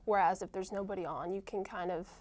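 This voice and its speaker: A young woman of college age talks through her answers in a plain, mid-pitched voice. She hesitates often, filling gaps with ums and restarting her sentences. It sounds like a relaxed, casual interview. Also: fast. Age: young adult. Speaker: college softball player, guest.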